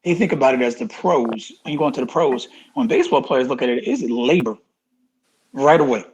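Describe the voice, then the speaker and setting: A man's voice: mid-range voice, fairly quick, a little hiss or hum, rough recording. A middle-aged man and former pro football player, a podcast guest telling stories with emphatic repetition and acted-out dialogue. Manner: animated storyteller, acts out quoted dialogue, emphatic repetition. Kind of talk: casual interview storytelling.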